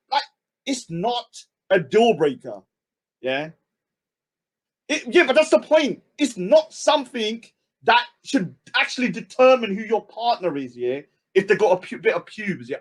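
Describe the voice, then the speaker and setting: A man runs a live stream in a high, mocking voice. He rants, jumping from loud shouts to low mutters as he goes. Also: sing-song, moderate pace. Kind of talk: ranting live-stream commentary.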